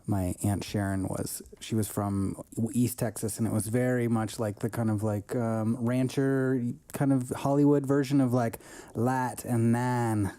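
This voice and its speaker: A man's voice: mid-range voice, fairly even intonation, normal speed, hardly any pauses, dark tone. A man hosting a podcast, chatting casually in a joking, chatty way.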